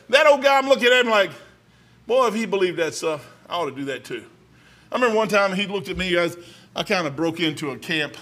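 High, bright-voiced folksy male preacher. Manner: folksy, storytelling, swings from quiet asides to loud exhortation. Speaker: pastor. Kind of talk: sermon.

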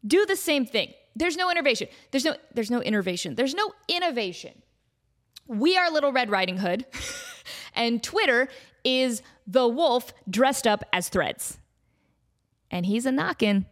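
A young woman with a fairly high voice hosts a comedic podcast monologue. She goes off on one tangent after another and breaks into laughter often, with a loose, joking delivery. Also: very animated, a little slow, fairly bright tone. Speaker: podcast host.

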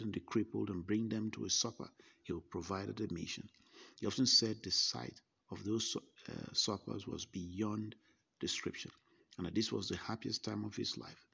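A man reading a first-person narration in a measured way, with small slips and restarts. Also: fairly low pitch, vocal fry, a bit bright, slightly rough, highs cut off. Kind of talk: scripted narration.

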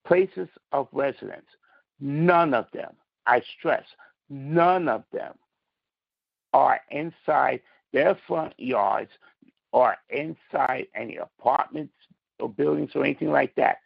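Calling in to a political podcast, a man makes his case in a combative, emphatic way, stressing his words. His medium-pitched voice is slightly rough with vocal fry, and the recording is muffled with no room sound.

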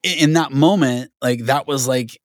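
A man telling a studio story as an interview guest, animated and full of restarts and fillers. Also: mid-range voice, normal speed, no room sound. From Southern California. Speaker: guest, record producer.

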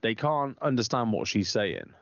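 A man with a low, gravelly voice chats loosely on a podcast, rambling through stories full of swearing. He jumps into other people's lines with a raised voice. The recording sounds dull and dry. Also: moderate pace, dry recording. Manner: rambling storyteller, animated, quoting others in raised voice. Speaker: podcast co-host. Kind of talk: casual banter, swearing.

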